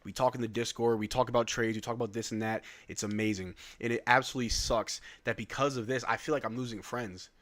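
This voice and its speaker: A man's voice: medium pitch, steady tone, fast talker, hardly any pauses, a bit bright. Candid, rambling male streamer. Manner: candid, rambling, repeats himself; casual slang and cursing. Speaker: sports YouTube streamer. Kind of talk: live stream talk to viewers.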